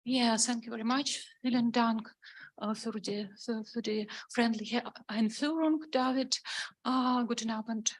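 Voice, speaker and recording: Woman, Russian accent, guest lecturer, slightly high voice, halting, repeats herself. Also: steady tone. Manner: halting, repeats words, soft asides. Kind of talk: academic talk.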